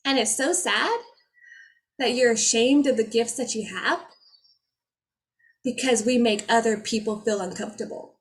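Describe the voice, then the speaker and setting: A woman's voice: a little high, unhurried, long pauses. A woman speaking as a spiritual energy healer, in a casual, heartfelt talk to her viewers, effusive and rambling with frequent restarts.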